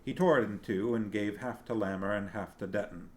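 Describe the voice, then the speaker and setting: A man reading a fantasy novel aloud on a stream, narrating in a measured, even way. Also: on the low side.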